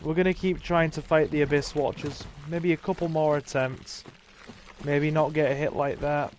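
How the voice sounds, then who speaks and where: A man's voice: fairly high pitch, steady tone, normal speed, slight background noise. A man, casually commentating a livestreamed game with dry, self-deprecating remarks to his chat, dry-mouthed from thirst. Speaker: gaming streamer.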